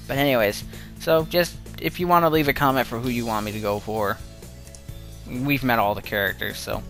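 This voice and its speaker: Young male let's-player, mid-pitched, reads game text and rambles between lines; faint music behind. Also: a bit bright. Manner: rambling, self-interrupting, quick to laugh. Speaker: let's play gamer. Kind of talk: reading a visual novel aloud with chatty asides.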